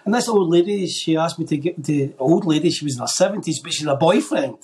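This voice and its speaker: A man, a podcast guest, telling a faith story in an animated way and acting out the voices of the people in it. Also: fairly high pitch, brisk. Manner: animated storyteller who acts out quoted voices. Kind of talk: telling a faith testimony in conversation.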